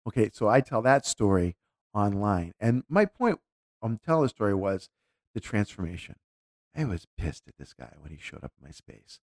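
A man with a low, gravelly voice tells a personal story in a relaxed, candid way, often circling back and restarting his sentences. The sound is close and dry. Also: normal speed, dry recording. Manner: candid, reflective, with frequent restarts. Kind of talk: casual conversational storytelling.

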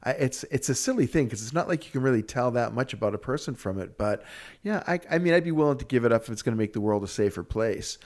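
A man co-hosting a podcast in casual chat, telling animated stories and acting out the quoted lines. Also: medium pitch, quick pace. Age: adult. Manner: animated storyteller, acts out quotes. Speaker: podcast co-host.

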